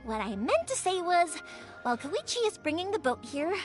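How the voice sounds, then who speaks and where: A woman's voice: very high-pitched, very animated, normal speed, faint music behind. A woman voicing a chatty young female fireworks maker in a game, bubbly and easily sidetracked. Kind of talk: game voice acting.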